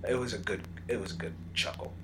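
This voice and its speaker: A man co-hosting a casual movie review podcast, animated and acting out scenes as he talks. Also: lowish voice, fast, background noise. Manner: animated, acts out scenes in bursts. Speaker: podcast co-host.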